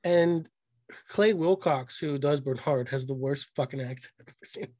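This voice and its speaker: Excitable profane man, fairly high voice. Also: no room sound. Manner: excited, profane, mocking, quick bursts of mimicry. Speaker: podcast co-host. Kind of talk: casual recap chat.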